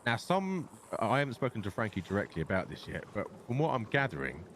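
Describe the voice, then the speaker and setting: A man's voice: fairly low pitch, sing-song, fast, a bit bright, slight background noise. A young man with a London accent, telling a long story in character and swearing often. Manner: swears a lot, rambling storyteller. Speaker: gang leader in roleplay. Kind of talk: in-character roleplay chat.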